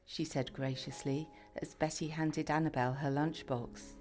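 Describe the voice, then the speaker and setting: A woman narrating a story in a steady, scripted reading. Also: sits low, measured pace, few pauses, soft background music.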